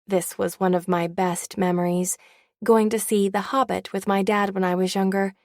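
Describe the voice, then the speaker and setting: A woman's voice: mid-range voice, little pitch movement, normal speed, a little mellow, no room sound, studio quality. A woman narrating an audiobook in the first person with a wry, candid tone.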